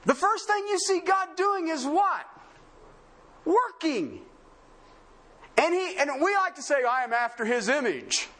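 A man's voice: extremely high pitch, a bit bright. A man preaching a sermon in a conversational, sarcastic way, full of rhetorical questions. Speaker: pastor.

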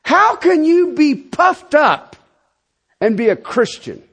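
A middle-aged man preaching a sermon as a pastor, emphatic, swinging between loud declarations and quiet asides. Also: very high voice, very animated, slow pace.

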